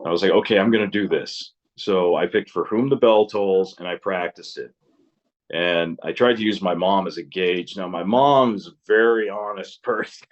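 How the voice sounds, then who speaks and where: A man's voice: low-pitched, moderate pace, lo-fi sound. A man in his thirties, a musician guest in a casual interview, rambling through stories, swearing freely and laughing often.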